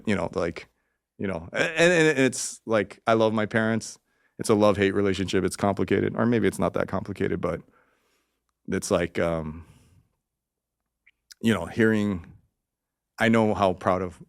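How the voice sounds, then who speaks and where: Podcast guest: a man in his forties, low gravelly voice, rambling and profane, close and dry. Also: moderate pace, long pauses, no echo. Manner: rambling, profane, acts out quotes in raised voice. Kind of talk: casual storytelling interview.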